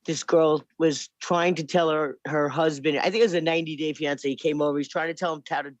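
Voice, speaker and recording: A woman's voice: low voice, steady tone, fast, dry recording, highs cut off. A woman telling stories in casual chat on a podcast, playful and chatty. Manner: chatty storyteller, playful put-on voices.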